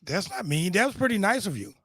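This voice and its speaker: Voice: medium pitch, big pitch swings, fast, a bit bright, no echo. A co-host in casual chat, chiming in with supportive quips.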